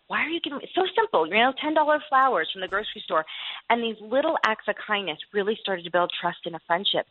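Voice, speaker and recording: A woman's voice: medium pitch, no room sound. A woman author telling faith stories earnestly in an interview. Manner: earnest storytelling with laughs. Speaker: guest author. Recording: tinny phone line.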